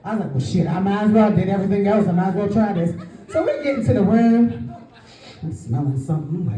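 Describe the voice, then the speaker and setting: Calling out to the audience, a woman delivers a brash live comedy set at a club. Her voice is a little high and fairly quick, with big pitch swings, heard through roomy sound from a distant mic over a faint crowd.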